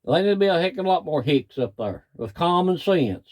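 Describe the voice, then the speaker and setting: Middle-aged man, cattle farmer, fired-up folksy rant, slightly high voice. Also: big pitch swings, fairly quick, darkish tone. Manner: plain-spoken, folksy, angry. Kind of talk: frustrated rant to camera.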